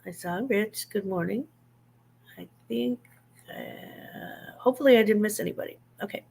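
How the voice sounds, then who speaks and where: A woman's voice: medium pitch, normal speed, gravelly, a little mellow, husky. An older woman hosts a casual livestream and talks to her viewers like friends over coffee. She laughs easily, trips over names, and keeps an easy chatty flow. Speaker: livestream host. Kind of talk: casual live chat.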